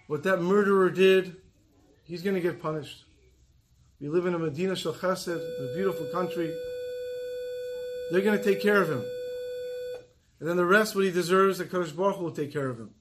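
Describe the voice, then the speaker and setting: Male preacher, earnest storytelling sermon, slightly high voice, slows for weight.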